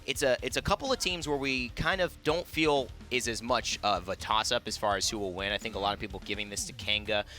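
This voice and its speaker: A man's voice: lowish voice, fairly quick, hardly any pauses, pushed and bright, soft background music. A man hosting a live esports analysis desk, talking in an upbeat, chatty way with some restarts.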